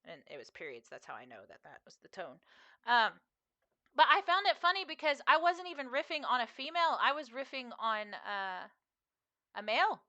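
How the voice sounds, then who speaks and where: Bright-voiced chatty woman streamer. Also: sits high, sing-song, moderate pace, highs cut off. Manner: chatty and rambling, talking to chat. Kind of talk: casual chat while gaming.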